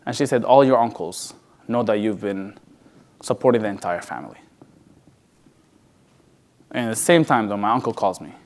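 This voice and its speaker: A man speaking at a sales event, telling an emotional personal story in a conversational way, often restarting his words and dropping to a soft, quiet voice. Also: on the low side, expressive, normal speed, pauses often. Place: large event hall.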